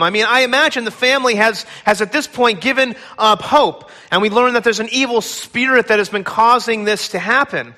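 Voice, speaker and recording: A man preaching a sermon in a church, retelling a scripture story with dramatic, expressive delivery. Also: sits high, in a large hall. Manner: dramatic storytelling, acting out pleas. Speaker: pastor. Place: large church hall.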